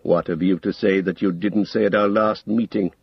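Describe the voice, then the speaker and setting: Calm old male wizard, man doing it, low measured questions, dry lo-fi audiobook. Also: vocal fry, husky, no room sound, full character voice. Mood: wary.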